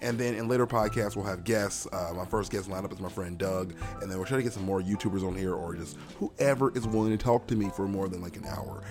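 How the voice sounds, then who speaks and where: A man's voice: sits low, fast talker, few pauses, over music. A young man hosting a casual solo podcast. He talks in a rambling, self-mocking and playful way. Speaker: podcast host.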